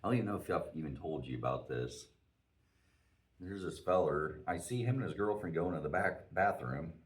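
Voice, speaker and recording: A man's voice: low voice, animated, normal speed, recorded from a distance. A man in his forties, a podcast host, telling a profane, self-mocking story in casual chat.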